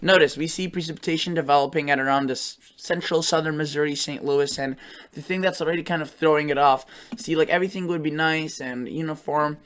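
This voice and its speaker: A man's voice: a little high, fairly even intonation, fast, a bit bright. A man hosting a weather channel, talking casually through forecast model maps and often correcting himself mid-sentence.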